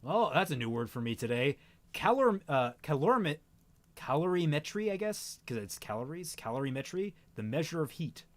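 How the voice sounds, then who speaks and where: A man's voice: medium pitch, lively intonation, fairly quick, hardly any pauses. A man hosting a casual livestream, musing aloud and reading word lists off the screen. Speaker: stream host.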